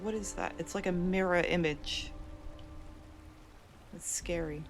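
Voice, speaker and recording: A woman streamer talks her way through a game in a loose, self-deprecating ramble. She speaks slowly, with a lively pitch that rises and falls, while the game's music plays clearly behind her. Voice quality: chatty and self-deprecating, thinking aloud. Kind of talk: casual live-stream commentary.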